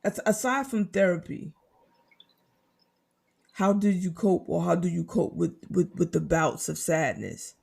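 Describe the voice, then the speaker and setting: A man hosting a podcast interview who asks questions gently and hesitantly, often repeating words as he goes. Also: high voice, a little slow, creaky, pauses often, breathy edge. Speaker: podcast host. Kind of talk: interview conversation.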